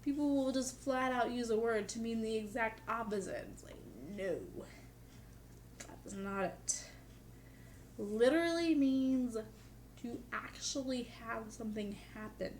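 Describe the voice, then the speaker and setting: A woman's voice: on the high side, a little slow, a little mellow. Young woman rambling casually to camera, lots of "like", dry jokes, bit of faint hiss behind. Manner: chatty, peppered with "like". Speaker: vlogger.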